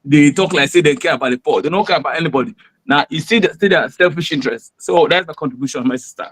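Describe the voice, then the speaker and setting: A man's voice: fairly high pitch, fast, a bit bright, husky, dry recording. Rambling Nigerian man caller. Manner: rambling, heavy on fillers. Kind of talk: casual call-in commentary.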